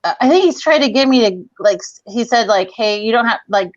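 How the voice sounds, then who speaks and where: A woman's voice: a little high, lively intonation, brisk, no echo, highs cut off. Profane, rambling woman telling a story. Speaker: guest comedian. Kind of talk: casual storytelling.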